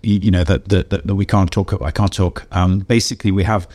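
An older English man, a game designer being interviewed, telling anecdotes in a lively way and acting out the voices of people he quotes. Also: deep voice, fairly quick. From England. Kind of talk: animated storytelling in an interview.

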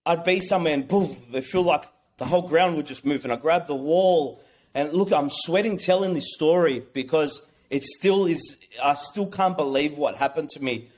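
A man telling a personal story as an interview guest, excitable and rambling, with many restarts. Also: on the high side, moderate pace. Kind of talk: casual storytelling.

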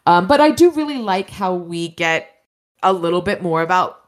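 A woman's voice: fairly low pitch, lively intonation, normal speed. A woman hosting a casual book discussion, retelling the story with enthusiasm. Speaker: podcast host.

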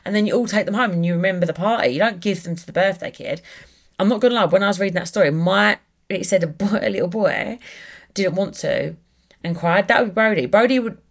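A woman's voice: medium pitch, fast talker. A woman hosting a podcast, chatting casually and animatedly, restarting sentences and exclaiming as she goes. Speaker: podcast host. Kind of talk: casual chat.

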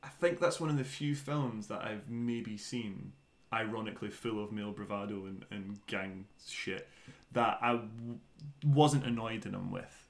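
A man's voice: fairly low pitch, measured pace. Sweary ranting man in casual chat.

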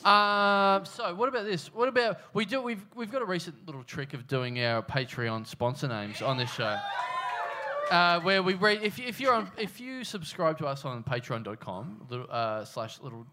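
Man, high lively voice, animated storyteller, noisy live room. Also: moderate pace. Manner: animated anecdote teller, laughing. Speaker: podcast co-host. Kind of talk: live podcast banter. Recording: live room with audible noise.

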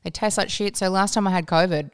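A woman's voice: mid-range voice, quick pace, clean tone. A woman co-hosting a podcast, blunt and teasing, swearing casually as she chats. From Australia. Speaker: podcast co-host. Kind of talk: casual chat.

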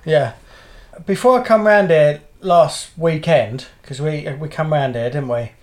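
A man's voice: fairly high pitch, measured pace. Rambling man telling stories. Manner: rambling storyteller, swears freely. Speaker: podcast co-host. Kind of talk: casual chat.

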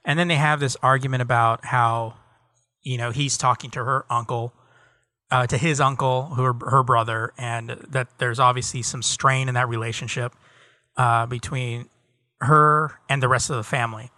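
A man's voice: mid-range voice, moderate pace, no echo, studio quality. A man co-hosting a podcast, casually retelling a TV episode's plot with lots of fillers. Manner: relaxed storytelling with many fillers. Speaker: podcast co-host. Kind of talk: casual chat recapping a TV episode.

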